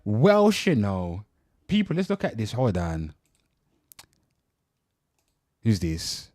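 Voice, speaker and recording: A man's voice: on the low side, huge pitch swings, unhurried, a little mellow, dry recording, clean studio sound. An English man in his thirties hosting a casual reaction commentary, swearing freely and talking straight to his chat. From England. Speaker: host.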